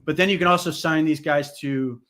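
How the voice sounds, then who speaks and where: A man's voice: a little high, fairly even intonation, fairly quick, fairly bright tone. A man co-hosting a sports podcast, talking casually with lots of "like" and "you know". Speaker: podcast co-host.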